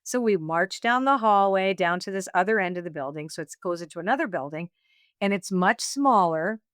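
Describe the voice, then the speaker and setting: Animated woman telling a story. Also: mid-range voice, fairly quick, no echo, clean studio sound. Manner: animated, laughing storyteller, acts out her own quotes. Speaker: guest, oracle deck author. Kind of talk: casual storytelling interview.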